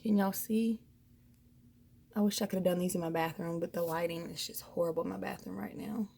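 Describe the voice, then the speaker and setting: A woman's voice: fairly low pitch, steady tone, fairly quick, gravelly, dark tone, a little hiss or hum. A young woman chatting frankly and casually to her viewers at home, with lots of fillers. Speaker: vlogger sharing pregnancy test results. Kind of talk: casual chat to camera. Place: home, indoors.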